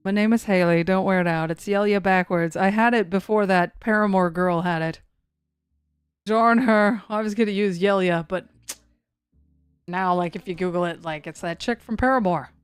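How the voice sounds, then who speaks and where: A woman's voice: mid-range voice, normal speed, clear, resonant tone, no room sound, faint music behind. A woman hosting a severe-weather livestream, chatting casually and rambling, self-deprecating as she answers the chat. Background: faint looping song.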